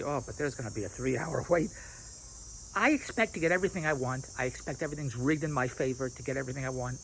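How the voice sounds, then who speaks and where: Talking fast in a mid-range, somewhat bright voice, a man vlogs outside at a restaurant, rambling, repeating himself and laughing at his own points. Crickets and insects chirp behind him, and the rough recording carries a little hiss or hum.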